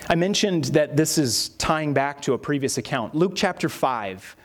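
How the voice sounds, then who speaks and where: A man's voice: fairly high pitch, lively intonation, moderate pace. A man, a pastor preaching a sermon and telling stories with acted-out quotes.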